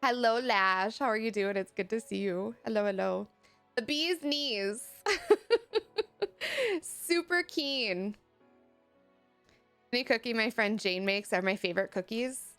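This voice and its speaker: A woman's voice: mid-range voice, a little slow, a bit bright, clear, resonant tone. A young woman chatting casually on a live stream, reading chat messages aloud and laughing often. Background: faint music.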